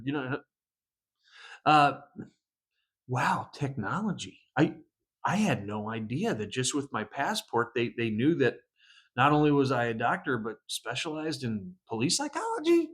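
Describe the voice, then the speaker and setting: A man from the United States, a police psychologist, telling stories in a casual vlog, animated and laughing often. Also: mid-range voice, moderate pace, slightly rough.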